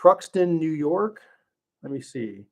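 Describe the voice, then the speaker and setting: A middle-aged man answers viewers' questions during a casual livestream, talking slowly with lively intonation in a voice on the high side. He thinks aloud with fillers and restarts, and the stream audio is slightly dull lo-fi.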